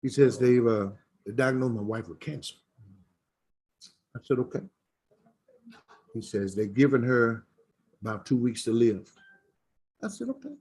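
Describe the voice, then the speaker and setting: Middle-aged guy, husky voice, folksy preachy storyteller at his bbq place. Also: medium pitch, animated, a little slow, pauses often, a little mellow. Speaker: smokehouse owner. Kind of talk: storytelling chat.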